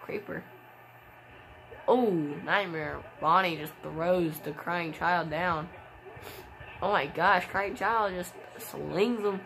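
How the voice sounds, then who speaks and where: Excitable woman calling a video game match. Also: lowish voice, slow, pauses often, slight background noise. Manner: excitable, gasping exclamations, frequent sudden shrieks. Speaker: gameplay commentator. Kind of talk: casual play-by-play commentary of a wrestling video game.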